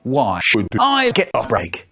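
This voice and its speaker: A man telling comic stories in an animated way, acting out voices and sound effects. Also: mid-range voice, slow. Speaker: storyteller. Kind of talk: comic storytelling, spliced remix.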